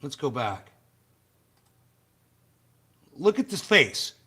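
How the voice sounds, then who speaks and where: A man's voice: medium pitch, very animated, very slow, pushed and bright, breathy edge. A man hosting a livestream, ranting bluntly and profanely and chatting with his viewers. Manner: chats with viewers in the live chat. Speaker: livestream host. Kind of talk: casual livestream rant.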